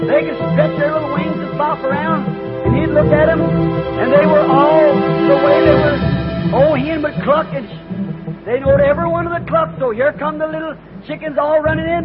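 A man preaching a sermon as a folksy story, in homespun country grammar, growing fervent and shouting at its peaks. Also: very high voice. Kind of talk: folksy storytelling sermon leading into an altar call. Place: church service. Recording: dull lo-fi tape with music behind. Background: music.

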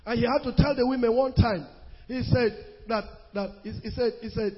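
A male preacher delivering an emphatic sermon. He stretches scripture quotes out slowly and rises into shouts. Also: extremely high pitch, fairly even intonation, breathy edge. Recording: lo-fi recording in a reverberant hall.

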